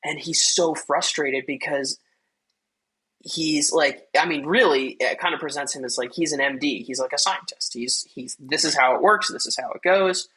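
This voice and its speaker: A man's voice: a little high, moderate pace, pushed and bright, slightly rough, rough recording. A man hosting a casual film review chat, rambling loosely with many fillers and acting out quoted lines. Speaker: podcast host.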